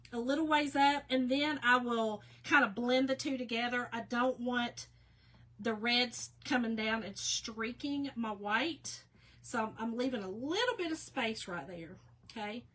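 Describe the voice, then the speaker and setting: A woman's voice: fairly high pitch, a little slow, fairly bright tone. A woman, chatting folksily to viewers during a casual craft tutorial and laughing often. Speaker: craft vlogger.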